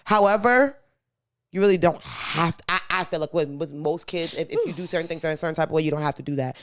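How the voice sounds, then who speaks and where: A young woman co-hosting a podcast in casual chat, blunt and animated, swearing freely and acting out quoted voices. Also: sits low, fast. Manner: acts out quoted kids and parents in a raised voice. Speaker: podcast co-host.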